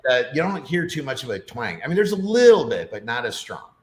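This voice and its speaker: With a medium pitch that swings widely and a quick pace, this middle-aged man talks as a podcast guest. The chat is casual and rambling, full of fillers, and the recording has a roomy echo.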